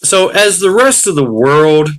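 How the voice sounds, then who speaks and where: A man's voice: a little high, very animated, measured pace, fairly bright tone. A man hosting a live stream, ranting casually at his chat, blunt and profane, laughing often and reading out viewer names. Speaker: livestream host. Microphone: computer mic on a live stream.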